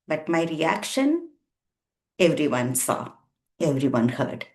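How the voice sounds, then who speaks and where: A woman in her sixties, a counsellor, sharing a personal story in an earnest, emphatic way and repeating words for weight. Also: deep voice. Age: 60s. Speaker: counsellor and therapist. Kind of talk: reflective personal talk to camera.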